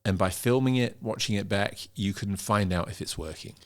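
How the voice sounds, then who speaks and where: A middle-aged man, a pitch coach, explaining in an interview and demonstrating vocal emphasis. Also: normal speed. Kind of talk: interview conversation.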